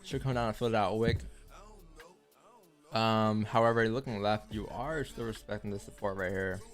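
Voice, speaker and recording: A man's voice: fairly low pitch, steady tone, normal speed, faint music behind. Laid-back man talking through charts. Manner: laid-back, thinking aloud with fillers. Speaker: forex trading stream host. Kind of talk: casual chat and live chart analysis.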